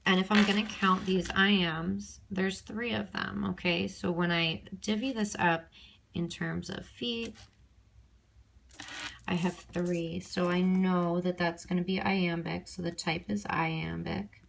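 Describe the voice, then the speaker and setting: Slow, patient woman teacher on phone. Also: lowish voice, fairly even intonation, creaky, a little hiss or hum. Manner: talks through steps aloud, many ums and okays. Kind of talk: recorded extra help lesson. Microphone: handheld phone.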